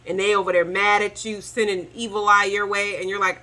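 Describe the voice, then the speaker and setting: Bright-voiced woman giving a casual tarot reading. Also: medium pitch, fairly quick, poor audio. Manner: chatty, animated, addresses viewers as y'all. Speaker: tarot reader.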